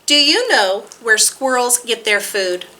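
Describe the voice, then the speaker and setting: Bright, lively storytime woman. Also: on the high side, measured pace. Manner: sing-song, expressive reading with playful animal sounds. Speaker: children's library storytime host. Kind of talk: storytime read-aloud for toddlers.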